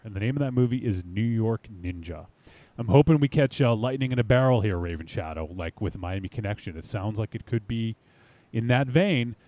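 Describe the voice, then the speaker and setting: A man's voice: on the low side, mellow, dry recording. A man hosting a podcast, chatting casually in an upbeat, rambling way. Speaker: podcast host. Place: home studio.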